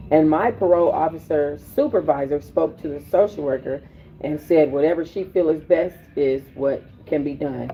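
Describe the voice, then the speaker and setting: Lively woman telling stories over tinny audio. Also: low voice. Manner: animated, profane storytelling with slang. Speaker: podcast host. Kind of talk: casual storytelling vlog.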